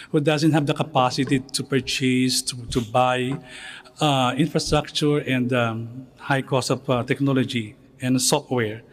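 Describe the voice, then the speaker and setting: Man, conference panelist, measured, formal, mid-pitched voice. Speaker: association secretary general, panel speaker.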